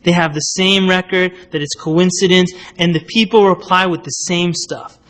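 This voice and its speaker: A man's voice: sits high, fairly even intonation, moderate pace, a bit bright. A man giving a conversational religious lecture, explaining points and checking in with his listeners by asking "right?". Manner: explanatory, asks "right?" often, acts out quotes. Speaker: Islamic lecturer.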